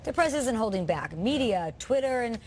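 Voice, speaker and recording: A woman's voice: on the high side, very animated, normal speed, a little hiss or hum. A woman hosting a morning sports talk show, upbeat as she brings in callers. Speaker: host.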